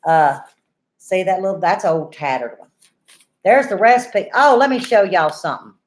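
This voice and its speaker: With a fairly low voice, lively intonation and a moderate pace, an older homesteading channel host casually chats and shares stories with her viewers in a warm, down-home manner.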